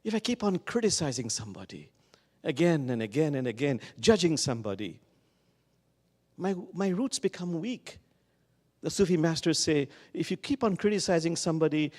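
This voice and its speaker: A man delivers a sermon in a big hall, and his voice rings on with a long reverb. His pitch moves in wide, lively swings as he tells his stories. He slows down and stretches out the words he wants to land. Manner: slow, lingering emphasis on key words. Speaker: guest speaker at a Sunday service. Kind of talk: sermon with storytelling. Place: church sanctuary.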